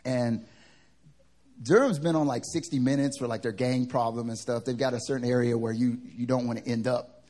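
A male pastor from the American South, preaching a sermon through funny personal stories, animated and joking. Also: mid-range voice, normal speed. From Southern United States. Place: church service.

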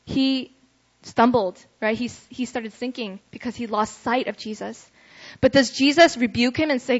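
A young woman gives a relaxed, conversational sermon in a fairly high voice, tossing in frequent "right?" check-ins as she talks. The recording sounds a bit dull and lo-fi, with the top end muffled. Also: normal speed. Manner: chatty, ends phrases with "right?". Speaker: preacher. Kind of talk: casual youth sermon.

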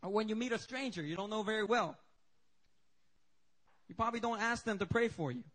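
A male pastor preaching a sermon, telling stories in an animated, joking way. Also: high voice, a little fast. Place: church service.

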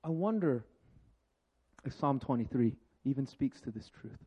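A man preaching a sermon with jokes, moving between lively storytelling and hushed, slow reflection. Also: medium pitch, husky. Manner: animated and joking, then hushed and reflective. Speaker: pastor. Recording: dull lo-fi sound.

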